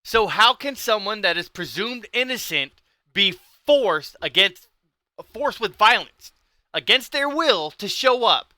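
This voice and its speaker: High, sharp-voiced man ranting. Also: lively intonation, a little slow, no room sound. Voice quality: intense, heated, ranting. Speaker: livestream host. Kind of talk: livestream talk.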